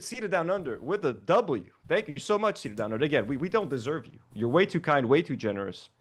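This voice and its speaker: A man's voice: on the high side, big pitch swings, fast talker, hardly any pauses, slightly rough. A man co-hosting a livestream, reacting in casual chat with lots of fillers and swearing. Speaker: livestream co-host.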